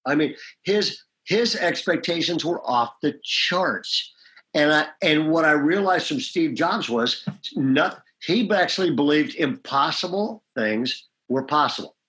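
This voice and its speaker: A man's voice: a little high, lively intonation, measured pace, a bit bright. A man speaking as a pastor in a leadership interview, emphatic and often checking in with "okay?". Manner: emphatic, punctuates points with "okay?".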